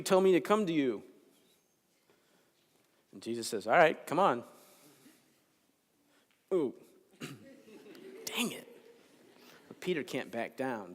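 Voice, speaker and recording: Man, chapel sermon, casual storyteller, wry humor, mid-range voice, long hall reverb. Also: mid-range voice. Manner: conversational, joking storyteller. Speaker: chapel speaker. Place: large chapel.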